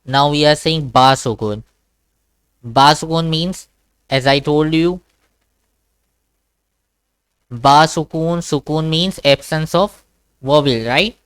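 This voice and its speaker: A man's voice: a little high, measured pace, fairly bright tone, smooth, no echo. A man teaching Quran reading in an online one-to-one class over a video call, patiently repeating sounds and checking understanding.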